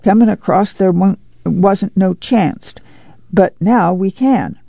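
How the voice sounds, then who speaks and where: A man's voice: high voice, takes it slowly, gravelly, dark tone, dry recording, dull audio, exaggerated voice. A man voicing a weary, proud middle-aged mother of a migrant family, with a drawl, plainspoken and firm. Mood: bustling.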